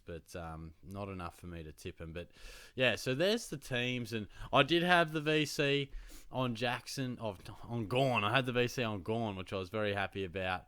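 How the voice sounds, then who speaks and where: Brief: young Australian man, laid-back storyteller, slightly low voice, dead-dry recording. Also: normal speed, sharp tone, clean tone, no room sound. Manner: chatty storytelling with slang and laughs. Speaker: fantasy football show host. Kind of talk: casual chat.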